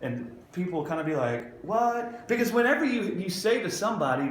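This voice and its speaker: High-voiced man preaching in an echoey room. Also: sing-song, a little fast, few pauses, a little hiss or hum. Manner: storytelling, building to shouted punchlines. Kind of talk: casual preaching to a small group. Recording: echoey room, faint ambience.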